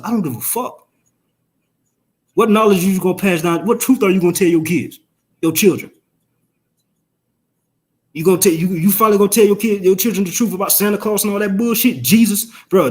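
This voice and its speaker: A man ranting on a casual live stream, profane and emphatic, firing off rhetorical questions in quick rambling bursts. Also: high voice. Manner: fast rambling outbursts.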